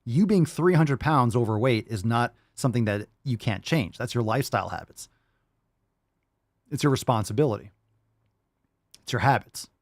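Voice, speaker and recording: Loud sweary guy ranting on his podcast, voice jumping all over, dry close mic. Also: mid-range voice, lively intonation, normal speed, long pauses, dry recording. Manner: brash, profane, mocking. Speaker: podcast host. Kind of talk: ranting reaction commentary.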